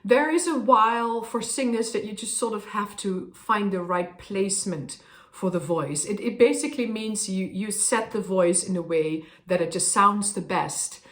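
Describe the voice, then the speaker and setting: A woman's voice: medium pitch, moderate pace, fairly bright tone. A woman opera singer thoughtfully explaining how she prepares a role, with frequent fillers. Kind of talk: explaining her craft to camera. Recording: roomy echo.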